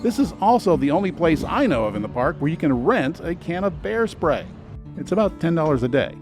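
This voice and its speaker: A man's voice: on the high side, big pitch swings, a little fast, music in the background. A man narrating a scripted travel guide in an earnest, advisory voice-over. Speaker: travel video host.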